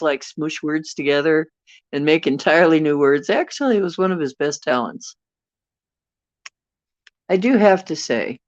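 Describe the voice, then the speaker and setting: Streaming from her bedroom, a woman with a low-pitched voice rambles casually while going through viewer comments. She's recorded dry on her phone, and the audio is dull and lo-fi.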